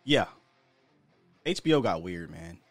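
A man's voice: deep voice, sing-song, unhurried, music in the background. An American man hosting a sports podcast, talking in a chatty, candid way with slang and the odd chuckle. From United States. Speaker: podcast host. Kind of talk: casual sports talk commentary.

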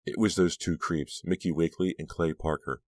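A man's voice: low-pitched, fairly even intonation, moderate pace, no echo, clean studio sound. A man voicing a wry, grumbling teenage girl in an audiobook, with only a slight lift of his voice.

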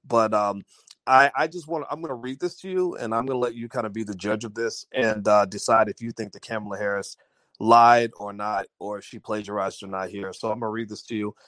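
A man's voice: fairly low pitch, fairly bright tone, no echo. Chatty man hosting an audio livestream. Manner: chatty, addresses live chat, many fillers and restarts. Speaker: livestream host. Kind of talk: casual livestream commentary. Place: audio-only home livestream.

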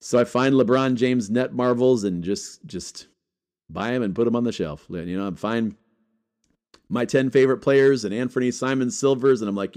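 A man hosts his own collecting channel, rattling off long lists of names with an energetic, joking delivery. He talks casually to his viewers and tosses in quick, teasing asides. His voice sits at an ordinary middle pitch. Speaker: sports card collecting vlogger. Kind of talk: casual talk to camera.

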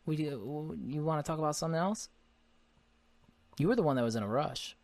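A woman's voice: low voice, animated, fairly quick, darkish tone. A woman from Connecticut hosting a podcast in casual, profane, rambling chat, a bit tipsy. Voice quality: laid-back, profane, rambling. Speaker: podcast host.

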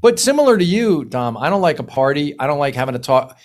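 Animated, swearing storyteller man. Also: fairly high pitch, fast. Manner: animated storyteller, frequent restarts, casual swearing. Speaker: guest screenwriter and producer. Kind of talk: casual podcast conversation.

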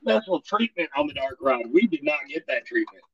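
Wry co-host, slightly higher voice. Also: male voice, lively intonation, muffled recording, a loud crowd. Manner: wry teasing, quick to laugh. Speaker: podcast co-host. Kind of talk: casual podcast banter.

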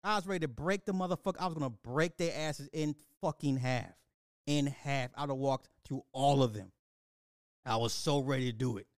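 A young man hosting a casual talk show, ranting with lots of swearing, laughing often and swinging between loud outbursts and low mutters. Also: normal speed, no room sound, studio quality. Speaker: podcast host. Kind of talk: casual commentary rant.

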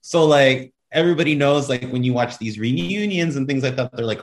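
A man's voice: medium pitch, fairly quick. A man co-hosting an interview, asking rambling, hesitant questions full of fillers. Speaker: co-host. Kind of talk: casual interview chat.

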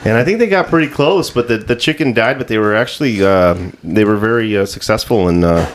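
A man's voice: lowish voice, a little hiss or hum. A man co-hosting a podcast in casual, profane chat, joking with his friends. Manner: loose, profane, quick to joke. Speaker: podcast co-host.

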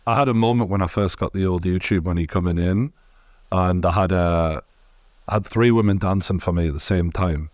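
A man's voice: low voice, fairly quick, a little mellow, no room sound, studio quality. A man with a Geordie accent hosting a casual interview, laid-back and swearing casually. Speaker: interview host.

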